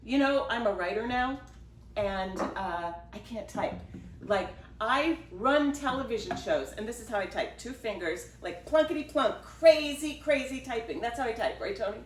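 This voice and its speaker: A woman's voice: medium pitch, animated, moderate pace. A middle-aged woman, a writer, telling a self-deprecating personal story at home and animatedly acting out what people said. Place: home kitchen. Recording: roomy home recording from a distance, with background noise.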